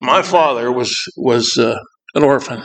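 A man's voice: mid-range voice, a bit bright, low-quality recording. Plainspoken man giving a rambling church talk. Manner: rambling, plainspoken, full of asides; halting, with frequent pauses. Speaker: prison ministry volunteer. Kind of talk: informal church talk to a congregation.

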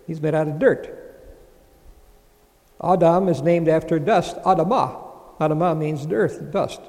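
A man's voice: fairly high pitch, a little slow, long pauses, a little mellow, long reverb tail. A man teaching a sermon, reading scripture aloud and explaining it verse by verse. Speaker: Bible teacher.

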